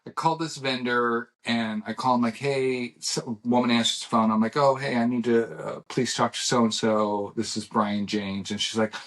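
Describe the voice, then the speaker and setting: This middle-aged man co-hosts a podcast in a relaxed, conversational way. His voice sits at an ordinary middle pitch. He tells stories in a rambling way, backs up, restarts, and acts out what others said. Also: normal speed, few pauses. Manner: rambling storyteller who restarts and acts out dialogue. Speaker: podcast co-host. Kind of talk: casual chat.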